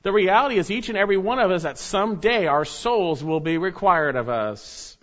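A man delivers a sermon in a voice pitched somewhat high for a man, earnest and measured. He leans into key phrases as he teaches. The recording is dull and lo-fi. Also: expressive. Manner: earnest preaching, reads scripture aloud with rising emphasis. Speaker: pastor.

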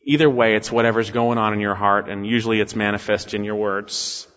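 A man's voice: fairly low pitch, steady tone, fairly quick, fairly bright tone. A man preaching an expository sermon as a pastor, emphatic and pressing his point with repeated rhetorical questions that end in "right?". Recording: echoey hall, slightly dull sound.

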